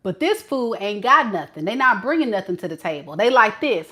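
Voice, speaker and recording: A woman's voice: medium pitch, sing-song, a little fast, sharp tone. A woman giving a casual tarot reading to camera, talking in a sassy, slangy way and laughing often. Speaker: tarot reader.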